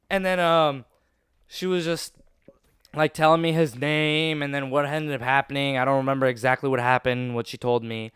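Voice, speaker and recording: A young man hosting a gaming channel, telling a story casually over gameplay, animated and dramatic, with sound effects and voiced quotes. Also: fairly high pitch, fast talker, clear, resonant tone, dry recording, clean studio sound.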